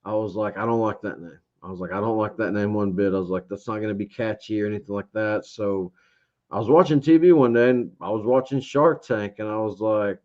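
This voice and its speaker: A man's voice: lowish voice, brisk, a little mellow. Laid-back man telling a story. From Georgia, US. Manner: rambling storyteller, acts out his own past thoughts. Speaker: interview guest, beard reviewer. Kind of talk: casual interview chat. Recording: dull lo-fi sound.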